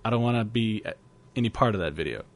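A man's voice: on the low side, animated, fast talker, dry recording. A man co-hosting a casual podcast, laughing often and rambling through stories. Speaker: podcast co-host.

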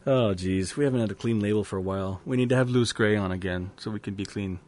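A man's voice: on the low side, quick pace, darkish tone. A man co-hosting a casual podcast, laughing often and rambling through stories. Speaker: podcast co-host.

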